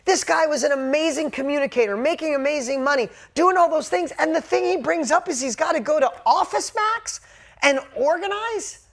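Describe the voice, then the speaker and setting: Blunt, lively woman coach telling a story to her group. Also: high voice, normal speed. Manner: candid, animated storyteller who swears casually. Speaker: business coach.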